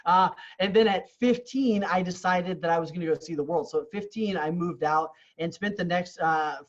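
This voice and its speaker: His voice is high and his pace moderate, with lo-fi sound quality. Raised in Canada, this real estate coach recounts his life on a podcast with earnest candor, often circling back to repeat words as he starts over.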